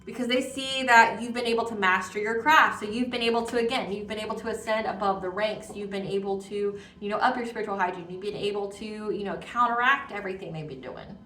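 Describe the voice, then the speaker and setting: A woman's voice: mid-range voice, steady tone, quick pace, hardly any pauses, bright, forceful tone, distant mic. A woman giving a casual tarot reading, rambling and emphatic, repeating words with many fillers. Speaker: tarot reader. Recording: echoey room, voice off-mic.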